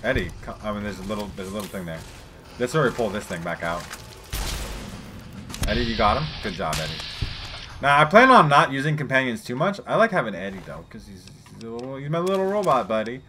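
A man's voice: mid-range voice, sing-song, fast talker, pushed and bright, slight background noise. A man giving casual, rambling gameplay commentary, swearing freely and chatting to his viewers. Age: adult parent. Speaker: let's play gamer.

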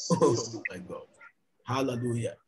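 A man's voice: mid-range voice, takes it slowly, a little mellow, a little hiss or hum, rough recording. A man preaching a church sermon and leading fervent prayer, repeating his lines again and again. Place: church service.

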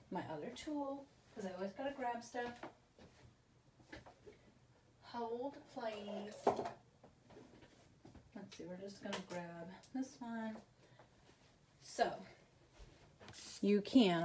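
A woman's voice: mid-range voice, warm tone, slight background noise. A woman hosting a casual papercraft tutorial, chatty and rambling, with self-deprecating asides as she works.

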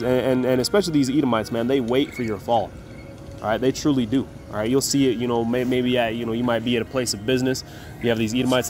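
A man teaching scripture, reading verses slowly and with emphasis, then explaining them in loose everyday talk with a faint music bed behind. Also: medium pitch, a little mellow. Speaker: Bible teacher. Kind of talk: scripture reading with casual commentary.

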